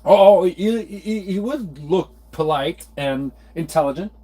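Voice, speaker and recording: 40s guy, high voice, rambling, fed-up venting to camera. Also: expressive, takes it slowly, dark tone. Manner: rambling, exasperated, many restarts. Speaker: vlogger. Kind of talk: casual venting monologue.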